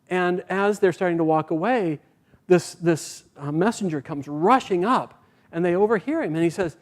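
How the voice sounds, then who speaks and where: A man giving a sermon, telling a spiritual parable in a gentle storytelling manner, his phrase endings trailing off softly. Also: high-pitched, expressive, normal speed. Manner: voices the characters in dialogue. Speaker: speaker at a spiritual community.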